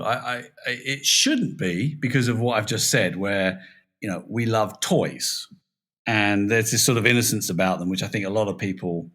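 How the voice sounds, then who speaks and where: A man with a British accent, a toy designer chatting casually as a guest on a podcast, lively and self-deprecating. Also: lowish voice. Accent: British English.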